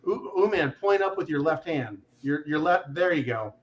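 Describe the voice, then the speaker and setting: A man hosting a casual livestream chat, joking loudly and swearing freely. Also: fairly high pitch, expressive, moderate pace, dull audio. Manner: profane, joking, boisterous. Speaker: host.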